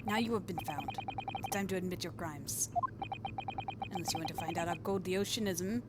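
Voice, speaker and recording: A woman voicing a gruff, threatening male ship officer with a rough mock Russian accent. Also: lowish voice, a little fast, heavy background noise, natural voice. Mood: menacing. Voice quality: rough, clumsy put-on accent.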